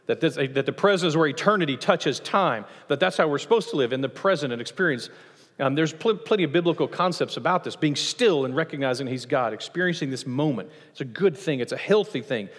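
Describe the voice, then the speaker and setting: A man preaching a sermon as pastor of a church, lively, acting out voices from the passage as he teaches. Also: a little fast. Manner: animated, acts out quoted voices with rising pitch. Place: church sanctuary. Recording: long church reverb.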